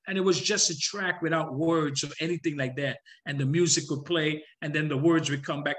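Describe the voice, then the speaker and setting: A male musician guest telling his story in an animated way, breaking into sung hooks as he talks. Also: fairly high pitch, normal speed, hardly any pauses. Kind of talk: storytelling interview talk.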